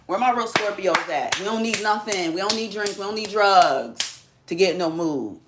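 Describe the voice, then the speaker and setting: A woman's voice: mid-range voice, expressive, moderate pace, heavy background noise. A woman hosting a live stream, talking casually to her viewers in a sassy, teasing, slangy way.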